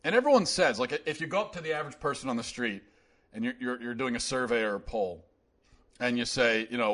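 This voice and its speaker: A man's voice: medium pitch, lively intonation, fairly quick, fairly bright tone. A man hosting a solo commentary show, talking in a rambling, conversational way with many restarts.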